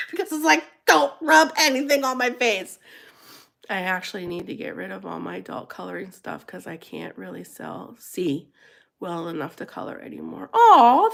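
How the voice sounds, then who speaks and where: A middle-aged woman hosts a laid-back livestream chat at a moderate pace, her voice carrying some vocal fry. She's animated, laughs often, and goes high and squealy when quoting herself.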